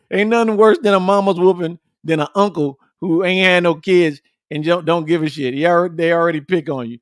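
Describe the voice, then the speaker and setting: A man hosting a podcast, chatting casually with his viewers in a blunt, profane, animated way and repeating his points for emphasis. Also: on the high side, no room sound, studio quality. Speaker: podcast host. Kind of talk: casual livestream chat with viewers.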